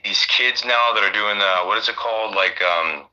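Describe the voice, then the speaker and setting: A man's voice: fairly low pitch, moderate pace, pushed and bright, highs cut off. A man in casual chat, rambling and swearing with lots of fillers. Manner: rambling, profane, many fillers.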